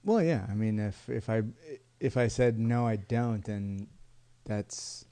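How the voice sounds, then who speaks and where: A man co-hosting a casual podcast chat, easygoing and quick to laugh. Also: lowish voice, mellow. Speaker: podcast co-host.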